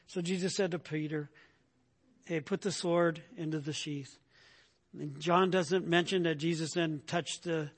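Male preacher, sermon, high voice, rhetorical questions, repeats himself. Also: in a large hall. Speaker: pastor.

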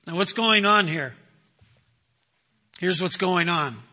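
A man's voice: sits high, animated, slow pace, sharp tone, in a large hall. A man preaching a sermon, emphatic, asking rhetorical questions and answering them himself. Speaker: pastor.

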